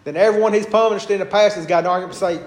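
A man's voice: high-pitched, rapid-fire, roomy sound. A man teaching a Bible class in a conversational way, with hesitations and homely stories.

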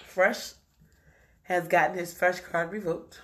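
Wry woman with a low voice. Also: steady tone, slow pace, a bit bright. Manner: wry quips and reactions. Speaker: podcast co-host. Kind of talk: casual chat.

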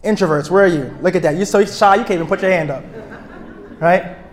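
A man speaking to a room of couples at a retreat, energetic and outgoing, often checking in with his listeners. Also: high voice, fairly quick. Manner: energetic, self-described extrovert; checks in with listeners, asking "right?". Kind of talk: live talk to an audience.

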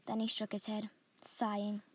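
A woman reading a story aloud in a steady, descriptive way as a podcast host. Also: medium pitch, moderate pace, breathy edge. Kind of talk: scripted story narration.

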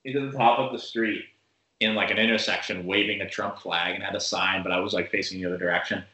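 Casual rambling man, bright echoey sound. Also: low voice, steady tone, fast talker. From Massachusetts. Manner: rambling, lots of fillers. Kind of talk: casual chat.

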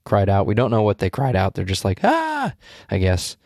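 A man's voice: sits low, fairly even intonation, fairly quick, a little mellow, dry recording, clean studio sound. A man co-hosting a casual Bible study discussion, explaining passages in a thoughtful, searching way with frequent restarts.

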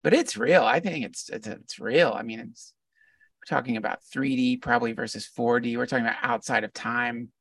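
A man's voice: mid-range voice, a little fast, a bit bright, no echo, studio quality, far from the mic. A middle-aged man, a podcast guest, talking casually in a reflective, meandering storytelling way. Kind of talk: casual conversation.

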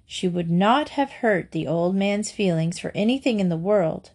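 A woman reading a children's book aloud in a slow, even narration. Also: medium pitch.

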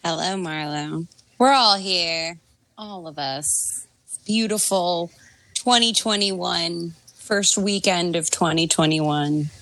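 Slow, playful woman hosting a podcast. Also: lowish voice, a bit bright, no room sound. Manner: playful, laughs easily. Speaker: podcast host. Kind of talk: casual chat.

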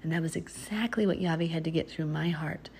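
Earnest woman preaching, lowish voice. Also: brisk, darkish tone, slight background noise. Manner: earnest, exhorting, with laughs and asides. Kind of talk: informal religious teaching.

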